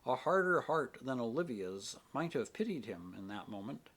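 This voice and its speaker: A man narrating a novel chapter in a measured storytelling manner. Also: medium pitch, sing-song, a bit bright, husky. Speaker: audiobook narrator. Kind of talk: scripted narration.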